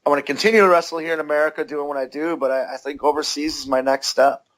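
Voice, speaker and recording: A man's voice: fairly high pitch, fairly even intonation, fast talker, a bit bright. A man, a wrestler guest, answering interview questions casually with lots of fillers.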